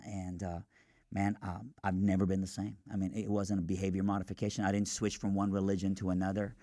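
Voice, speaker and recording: Earnest deep-voiced man telling his story. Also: no echo, clean studio sound. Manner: animated, earnest, quick asides. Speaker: radio show guest. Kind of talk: storytelling testimony. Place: radio studio.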